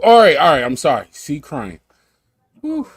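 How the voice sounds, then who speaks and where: A man's voice: fairly high pitch, wildly swooping pitch, normal speed, breathy edge, no room sound, clean studio sound. A man in his thirties hosting a casual watch-along, talking in slang and breaking into helpless laughter. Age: 30s. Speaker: host.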